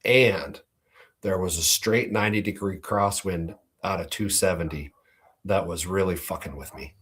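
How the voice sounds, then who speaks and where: Brief: low-voiced host, husky, relaxed and swearing as he tells his story. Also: normal speed. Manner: laid-back, profane. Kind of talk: casual storytelling.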